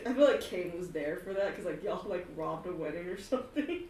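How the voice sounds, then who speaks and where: A woman narrating a tabletop game as game master, animated and giggly. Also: fairly low pitch, moderate pace, a little hiss or hum. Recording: roomy, far from mic.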